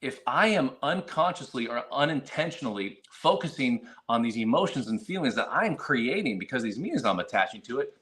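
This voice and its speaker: A man talking casually on a podcast, telling lively stories and acting out little quoted moments. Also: medium pitch, a little fast, hardly any pauses. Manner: animated storyteller, acts out quotes, frequent restarts. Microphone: remote video call.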